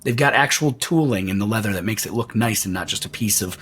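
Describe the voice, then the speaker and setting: A man narrating and ruling as the game master in a tabletop game, describing scenes in a lively way. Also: lowish voice, fast talker.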